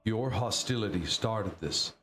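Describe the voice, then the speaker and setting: Guy reading as a calm warrior captain, even and measured, echoey room, faint hiss. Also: fairly low pitch. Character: calm male giant soldier captain. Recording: roomy echo.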